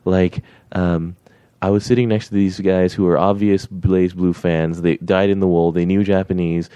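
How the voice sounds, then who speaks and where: A man's voice: low-pitched, flat delivery, moderate pace, dark tone, smooth, dry recording. A man hosting a casual podcast chat, telling stories and laughing often. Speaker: podcast host.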